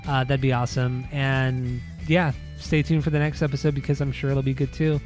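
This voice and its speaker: A man's voice: medium pitch, flat delivery, brisk, darkish tone, soft background music. A young man co-hosting a casual podcast, teasing his friend with dry humor and frequent laughs. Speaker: podcast co-host.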